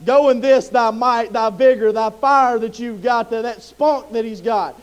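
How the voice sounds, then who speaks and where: A man's voice: very high voice, fairly even intonation, moderate pace, hardly any pauses, smooth. A man preaching a sermon with impassioned storytelling.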